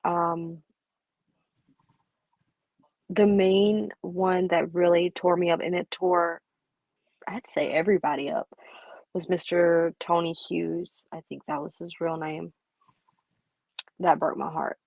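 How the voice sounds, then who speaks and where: A woman's voice: on the low side, little pitch movement, unhurried, vocal fry, dry recording. Woman livestreaming, chatty and playful, dull dry mic sound. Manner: chatty, playful, reads and answers chat. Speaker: livestream host. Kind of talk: casual live chat.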